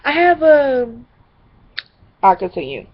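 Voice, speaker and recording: A young woman vlogger casually telling a story, acting out the people in it with lively voices. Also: high voice, slow, dull audio. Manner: animated, acts out the people in the story.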